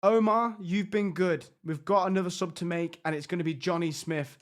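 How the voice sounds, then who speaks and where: Brief: high-pitched gamer, excitable, frustrated reaction commentary. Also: male voice, normal speed. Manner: exasperated, excitable, talks to his players. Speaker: gaming YouTuber. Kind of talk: live reaction commentary on a football management game.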